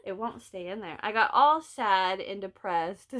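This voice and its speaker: A woman's voice: medium pitch, expressive, measured pace, sharp tone. A middle-aged woman with a Southern Illinois accent chatting casually about her crochet projects, telling stories and laughing often. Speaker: vlog host, crocheter. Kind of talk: casual chat.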